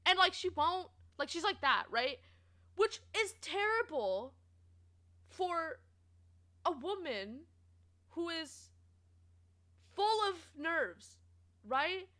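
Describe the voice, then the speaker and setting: A young adult woman streaming, chatting casually and rambling through a story, quoting people in animated voices, laughing often and filling pauses. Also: extremely high pitch. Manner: animated and giggly, lots of fillers, quoting others in lively voices.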